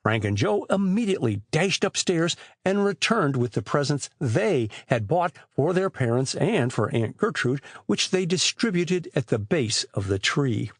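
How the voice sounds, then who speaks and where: A man narrating a classic boys' adventure audiobook in a measured, expressive storytelling voice. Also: a little high, no echo, studio quality. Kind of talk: scripted narration.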